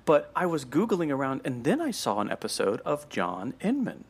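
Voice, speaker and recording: A male podcast co-host in casual chat, talking in an animated, chatty way with plenty of fillers and restarts. His voice sits a bit high and swoops up and down. It has a lively, expressive rise and fall. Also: normal speed, breathy edge. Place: at home with a dog nearby.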